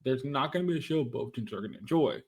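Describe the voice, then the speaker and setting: A man's voice: mid-range voice, expressive, quick pace, darkish tone, husky. A man co-hosting a casual anime podcast, talking emphatically and repeating himself as he argues his points. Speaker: podcast co-host.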